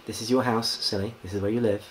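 A man who hosts a hypnosis session, talking in a soothing, slow hypnotic way. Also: on the low side, steady tone, rough recording. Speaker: hypnotist and host.

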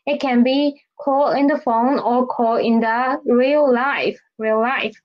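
A woman teaching a Mandarin lesson in English, explaining slowly and repeating key phrases with "okay?". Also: on the high side, fairly even intonation, muffled recording. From Philippines. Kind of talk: language lesson.

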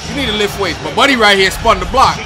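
A man's voice: sits high, expressive, quick pace, music in the background, a crowd in the background. A man hosting a casual sports reaction video, talking in slangy, profane, joking bursts and mimicking players' trash talk.

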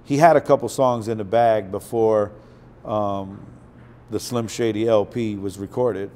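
A man guesting on an interview, telling casual stories with a profane, animated delivery that slips into acted quotes. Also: fairly low pitch, a little slow. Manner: profane, animated storyteller who acts out quotes.

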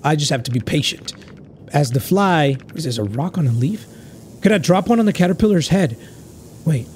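A man giving let's play commentary as he plays, joking around in a crude, excitable way. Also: a little high, moderate pace, a little hiss or hum. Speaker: gamer.

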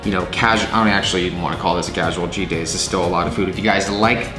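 A man's voice: low voice, fairly even intonation, rapid-fire, over music. Chatty young man vlogging to camera. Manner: chatty and upbeat, addresses viewers as folks. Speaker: food vlogger. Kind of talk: casual vlog talk to camera.

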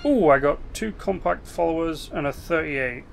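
A man giving casual commentary as he plays a strategy game, explaining its mechanics with quick asides and restarts. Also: fairly high pitch, animated, vocal fry, a little hiss or hum. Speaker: gaming video host.

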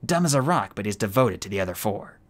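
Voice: medium pitch, sing-song, fast. A reluctant adult dragon argues in an uneasy, snappish voice, played by an audiobook reader. The reading rises and falls broadly, storybook style.

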